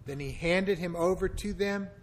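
A man reading scripture aloud in a steady, measured, solemn way. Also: high-pitched, a little hiss or hum, poor audio. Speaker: scripture reader.

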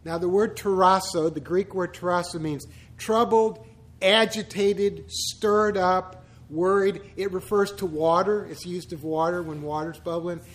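High-voiced pastor teaching with humor. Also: male voice, fairly even intonation, a little slow. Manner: chatty, humorous asides, rhetorical questions. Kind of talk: conversational church teaching.

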